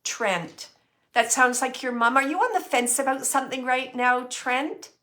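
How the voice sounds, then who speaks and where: Soft-spoken woman giving a spirit reading. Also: high voice, measured pace. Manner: soft, drifting into whispers, musing aloud. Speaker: psychic medium.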